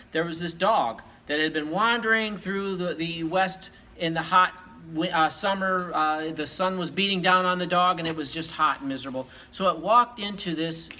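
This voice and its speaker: A man's voice: on the high side, bright, forceful tone, slight background noise, low-quality recording. A man, a teacher, telling long joke stories during school announcements in a playful, rambling way. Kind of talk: joke storytelling.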